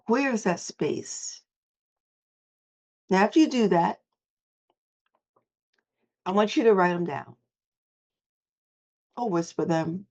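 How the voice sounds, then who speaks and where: A woman's voice: mid-range voice, lively intonation, slow pace, long pauses, darkish tone. A woman hosting a motivational morning call, coaching listeners and having them repeat affirmations back to her. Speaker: host and voice coach.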